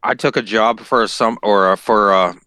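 Florida guy, bright edgy voice, rambling casual storyteller. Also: lowish voice, steady tone, moderate pace, clear, resonant tone, no room sound. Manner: rambling storyteller, swears, laughs mid-sentence. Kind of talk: casual chat.

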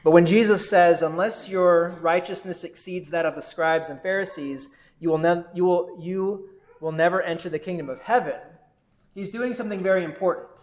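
A man's voice: high-pitched, moderate pace, reverberant. A man, a pastor, preaching a sermon in an earnest, conversational way, often asking his listeners rhetorical questions.

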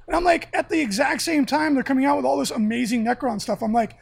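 A man co-hosting a podcast, chatting casually and excitably about tabletop miniatures with jokes and mock rants. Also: very high-pitched, fast, vocal fry, husky, dry recording. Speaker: podcast co-host. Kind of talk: casual hobby chat.

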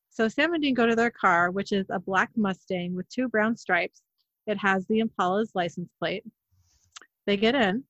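A woman's voice: medium pitch, moderate pace, a bit bright, no echo. A woman hosting a casual recap, narrating scene by scene in a chatty way. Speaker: podcast host. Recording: dull dry lo-fi recording.

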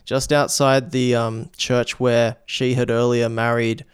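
Give me a man with a crisp voice recapping a film plot, halting and swearing casually. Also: mid-range voice, little pitch movement.

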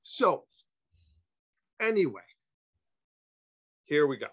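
Give me a man telling a casual story as a podcast guest, restarting his sentences and swinging his pitch, on a dull recording. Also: drawn-out words, slightly rough. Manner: animated, self-interrupting storyteller. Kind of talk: casual anecdote.

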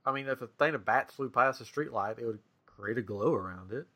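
A man's voice: medium pitch, fairly quick, pushed and bright. A man hosting a casual podcast, telling a story with some rambling. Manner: rambling storyteller, laughs often. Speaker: podcast host. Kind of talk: casual chat.

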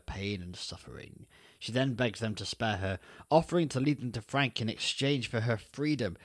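A man's voice: fairly low pitch, no echo, clean studio sound. A man co-hosting a podcast, recapping a film plot in a playful, casual way and keeping an eye on the time. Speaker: podcast co-host.

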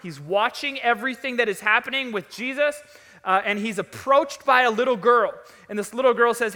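A man's voice: very high voice, moderate pace, pushed and bright. A man preaching a sermon to his congregation in a conversational, storytelling way, in a large church sanctuary. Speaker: pastor. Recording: long reverb of a large hall.

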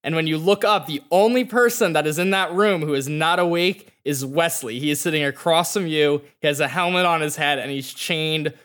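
A man narrates as game master, pacing his descriptions slowly and deliberately. His voice sits a little high for a man. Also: a bit bright.

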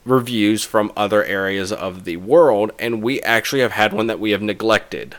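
A man's voice: on the low side, normal speed. A man co-hosting a podcast in casual chat, joking and rambling with frequent restarts. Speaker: podcast co-host.

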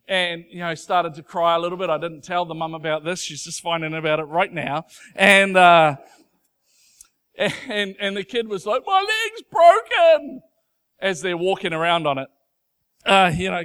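A pastor with a high, fairly bright, clean voice preaches a sermon from a church stage to the congregation. He sounds conversational and earnest, building to emphatic passages.

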